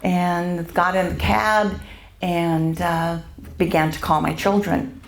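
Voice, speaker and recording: Older woman, church testimony, unhurried and halting, roomy echoey church hall. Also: lowish voice, steady tone, vocal fry. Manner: halting, with many pauses and fillers. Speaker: church member sharing her testimony. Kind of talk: personal faith testimony.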